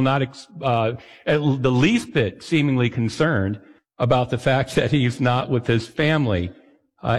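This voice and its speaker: A man's voice: on the high side, big-room sound. A man preaching a sermon as a pastor, talking to his listeners in a conversational way with self-deprecating asides.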